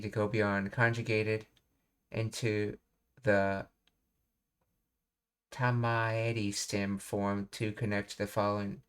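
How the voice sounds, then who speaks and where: Low, flat-voiced man explaining grammar. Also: clear, resonant tone. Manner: thinks aloud with fillers, reads explanations. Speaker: language teacher. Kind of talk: casual language lesson.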